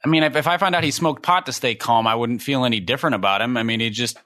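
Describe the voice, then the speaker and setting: A man co-hosting a casual podcast chat, wry and joking with quick asides. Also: mid-range voice, sharp tone, dry recording, studio quality. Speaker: podcast co-host.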